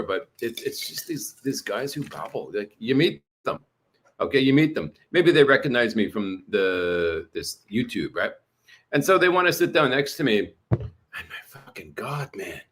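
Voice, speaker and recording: A man's voice: high-pitched, a bit bright. A man from Canada talking casually to viewers, ranting with a lot of profanity and repeating himself. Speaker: vlogger. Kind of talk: casual livestream rant.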